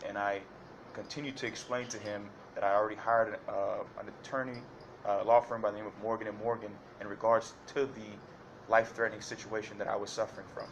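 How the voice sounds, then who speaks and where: A low-voiced man speaks at length to a judge, walking through events in careful detail. He restarts sentences often and fills pauses as he goes. A faint hiss sits under the voice. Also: fairly bright tone. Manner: detailed, repetitive, hesitant with fillers and restarts. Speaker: defendant addressing a judge. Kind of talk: courtroom testimony.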